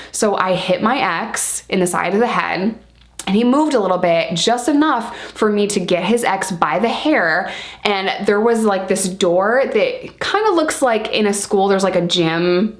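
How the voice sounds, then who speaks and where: A woman in mid-range pitch tells a storytime straight to camera. Her talk is blunt and candid, full of casual swearing and asides to "you guys." She pushes her pace up and down to land the story. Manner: lively, speeds up and slows down for emphasis. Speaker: storytime vlogger.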